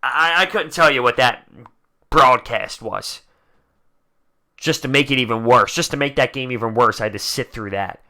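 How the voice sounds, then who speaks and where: A man ranting as host of a fan reaction video, frustrated, dropping into low grumbles and then breaking into loud outbursts. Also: normal speed. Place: indoors, talking to camera.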